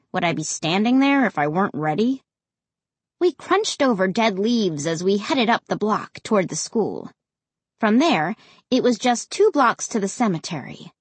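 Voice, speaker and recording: A woman narrating a first-person story as an audiobook reader, with expressive storytelling. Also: medium pitch, husky, no echo.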